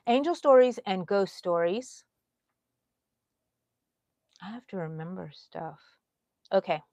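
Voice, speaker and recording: A middle-aged woman, hosting a casual crochet livestream. She chats warmly and emotionally, greeting viewers by name and reassuring them. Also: mid-range voice, no room sound. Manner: chatty, reads out viewer comments by name. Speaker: crochet channel host.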